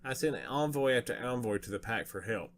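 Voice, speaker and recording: A man voicing an ancient, furious male dragon who is demanding and impatient, speaking in a stern, rumbling, commanding way. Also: animated, a little fast, a little hiss or hum, lightly acted. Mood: stern, angry.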